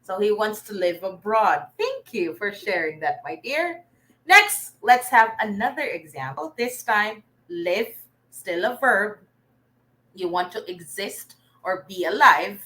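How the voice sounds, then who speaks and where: A woman's voice: mid-range voice, animated, slow, sharp tone, rough recording. A woman teacher, teaching a live online reading lesson and praising students by name.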